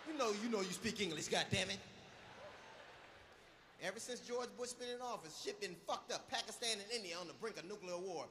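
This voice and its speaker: A male comedian doing a loud, profane, punchy live stand-up routine. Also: sits high, fairly quick, noisy background.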